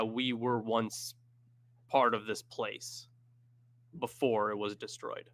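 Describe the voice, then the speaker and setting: This is a man talking through a question with a panel, hesitant and searching as he reads up on the spot. His voice comes through bright and crisp. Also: mid-range voice. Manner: thinks aloud while looking up references, hesitant. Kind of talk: casual discussion.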